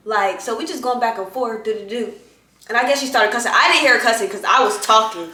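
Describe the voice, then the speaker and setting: Lively young woman with a bright voice. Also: on the high side, fast, far from the mic. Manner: lively, laughing and profane. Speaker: co-host. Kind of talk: casual storytime chat. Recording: roomy echoey room.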